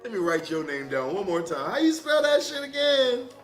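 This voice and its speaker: A man's voice: high voice, very animated, moderate pace, a bit bright. Profane, joking tarot reader man. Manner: loose, profane and joking, laughs easily. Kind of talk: casual livestream tarot reading. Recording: echoey room with music.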